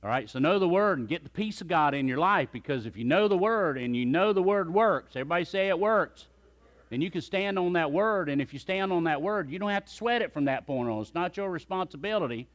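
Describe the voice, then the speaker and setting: A man's voice: fairly high pitch, lively intonation, brisk. A man preaching a sermon as pastor, emphatic and calling on the congregation to repeat phrases after him.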